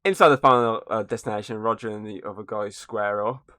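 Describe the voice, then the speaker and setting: A man's voice: lowish voice, steady tone, fairly quick, sharp tone, dry recording. Dry-sounding man recapping a film plot. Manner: recaps plot, says "obviously" and "uh" a lot. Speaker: podcast host. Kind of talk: casual film-review chat.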